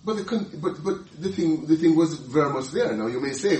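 Lively male Bible teacher, laughing often, heard from a distance. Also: a little high, normal speed, echoey room. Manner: animated, laughing often, many restarts.

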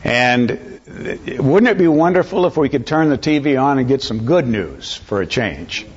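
Man, preacher, earnest sermon, unhurried, mid pitch, muffled lo-fi recording. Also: animated, breathy edge. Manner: unhurried, earnest, calls for amens. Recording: slightly dull lo-fi recording.

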